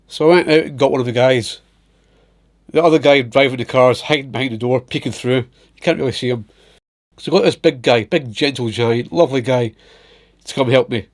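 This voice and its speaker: A man's voice: medium pitch, fairly quick. Chatty man telling stories. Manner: animated, laughs often, puts on little voices for his pet. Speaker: vlogger. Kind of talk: casual storytelling.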